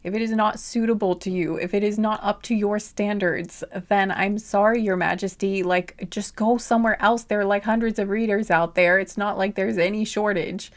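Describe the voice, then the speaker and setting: A woman's voice: mid-range voice, steady tone, normal speed, hardly any pauses. A woman talking through a tarot reading in a loose, rambling way. She laughs often and slips into sassy asides. At times her voice drops to a whisper. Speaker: tarot reader. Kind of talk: casual chatty monologue.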